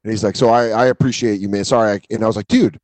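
A man's voice: on the low side, fairly even intonation, racing, a little mellow, dry recording. A man co-hosting a podcast, telling stories in casual chat, swearing freely and acting out quotes in shifting voices. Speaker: podcast co-host.

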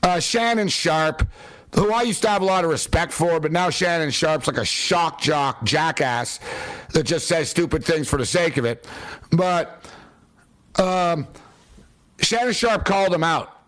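A man's voice: on the high side, lively intonation, measured pace, a bit bright. A man delivering a sarcastic, exasperated solo rant about his football team's coaching and play calling. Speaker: sports commentator. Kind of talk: opinionated sports rant.

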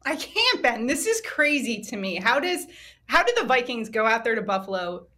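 A woman guest on a sports show, excitedly breaking down football stats and betting lines. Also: fairly high pitch, crowd noise. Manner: excited, stat-heavy, quick to laugh. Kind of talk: sports analysis talk.

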